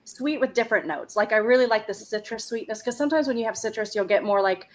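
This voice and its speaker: A woman's voice: fairly high pitch, quick pace, a little hiss or hum. A woman on a podcast panel, chatting about flavors with lots of hedging fillers. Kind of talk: casual podcast chat.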